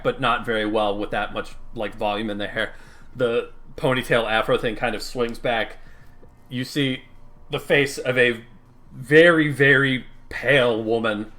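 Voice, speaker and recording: A man's voice: mid-range voice, bright, forceful tone. A man narrating a tabletop role-play as game master, rambling and describing vividly with many fillers.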